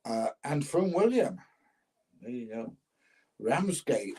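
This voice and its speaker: A man's voice: medium pitch, big pitch swings, takes it slowly, warm tone, a little hiss or hum, low-quality recording. An older man casually chatting on a livestream, reading out viewer comments and laughing as he goes. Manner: chatty, laughs often, plain-spoken. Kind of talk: casual chat.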